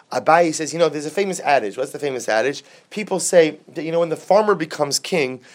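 A man giving a Talmud class in a lively, conversational way, asking rhetorical questions and urging the listeners to listen. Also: fairly high pitch. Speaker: Talmud teacher.

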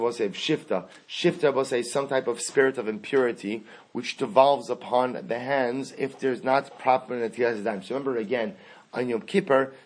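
A man's voice: medium pitch, slightly rough. A man teaching a Talmud lesson, reading the text aloud and then explaining it step by step in English.

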